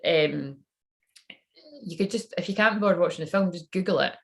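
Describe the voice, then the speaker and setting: A woman with a somewhat low voice rambles through a psychic reading in loose, casual talk. She swears without a second thought and keeps laughing at her own jokes. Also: fairly quick, creaky. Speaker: psychic reader channeling messages.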